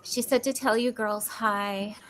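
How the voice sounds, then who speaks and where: A woman on a casual livestream, telling a family story in an animated, giggly way. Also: fairly high pitch, measured pace. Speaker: livestream co-host. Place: home.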